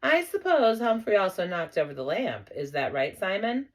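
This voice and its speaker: A woman reading aloud, voicing a calm, kindly mother in a storybook. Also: mid-range voice, moderate pace. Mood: soothing. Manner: calm, soothing.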